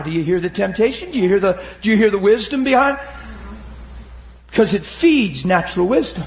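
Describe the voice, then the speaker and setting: High-pitched preacher guy, fiery sermon, goes from yelling to quiet, keeps saying come on. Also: lively intonation, moderate pace, echoey room, slight background noise. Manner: swings from shouting to low, hushed retelling; urges the crowd with repeated calls of "come on". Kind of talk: impassioned sermon.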